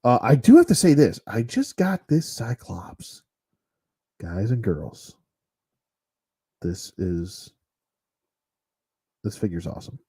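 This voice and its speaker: Man, toy collector, casual unscripted review, rambling, blunt, mellow tone. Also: lowish voice, very animated, slow, pauses often, breathy edge. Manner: rambling and blunt, with mild cursing.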